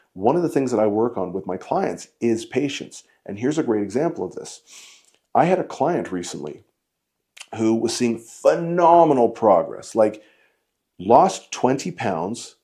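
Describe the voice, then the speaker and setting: Blunt, mellow-voiced male fitness coach. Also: medium pitch. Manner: blunt, emphatic, lecturing. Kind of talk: direct-to-camera coaching lesson.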